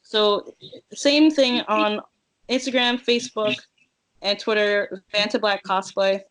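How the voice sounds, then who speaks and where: A woman's voice: mid-range voice, steady tone, slow pace, fairly bright tone, rough recording. A woman, a cosplayer guest, chatting casually in an interview, joking and laughing often.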